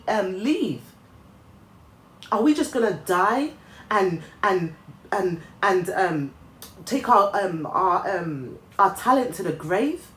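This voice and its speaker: A woman vlogger giving an earnest motivational talk to her viewers, often restarting her sentences with ums. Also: medium pitch. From Nigeria. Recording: echoey room, faint ambient noise.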